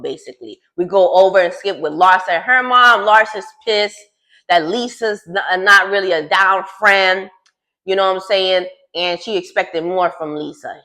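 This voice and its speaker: A woman's voice: fairly low pitch, sharp tone. A woman recapping a reality show in a casual gossip style, sassy and teasing as she talks straight to the cast.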